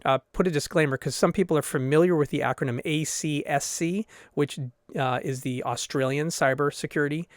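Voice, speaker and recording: Male podcast co-host, from Boston, chatty and rambling, higher pitch, dry close mic. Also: steady tone, brisk, dry recording. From Boston area. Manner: rambling, many fillers and restarts, laughs easily. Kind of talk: casual podcast chat.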